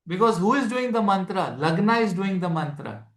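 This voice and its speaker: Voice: mid-range voice, expressive, moderate pace. An astrology teacher with an Indian accent giving a live class, explaining step by step, repeating key phrases and mixing Hindi into English while quizzing students. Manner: addresses students directly with questions. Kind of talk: live masterclass lecture. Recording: echoey room.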